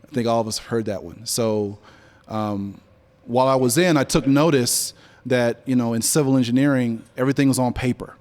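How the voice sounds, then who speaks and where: A man in his forties tells stories to a live audience in a mid-pitched voice. He speaks in an easy, conversational way on stage and livens up when he quotes others. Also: moderate pace, hardly any pauses. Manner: storytelling, animated when quoting others. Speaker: guest speaker, business leader. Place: event venue before an audience.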